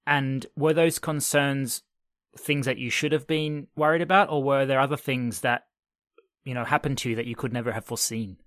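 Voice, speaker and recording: A man's voice: medium pitch, fairly even intonation, normal speed, fairly bright tone, dry recording, clean studio sound. A man hosting a podcast, giving short reactions and then asking long, detailed questions of his guest. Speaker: podcast host. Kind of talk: interviewing guest.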